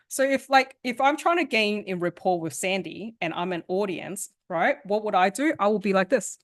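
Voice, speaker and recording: A woman coach teaching an interactive online workshop, talking casually, often checking in with "right?" and laughing, heard over a video call. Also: on the high side. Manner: animated, conversational, often asks "right?" and laughs. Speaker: sales and communication coach.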